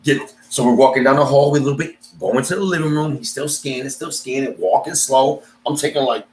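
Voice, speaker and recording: A man's voice: mid-range voice, a little fast. A man telling a story in casual talk, acting out both sides with quoted voices. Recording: echoey room.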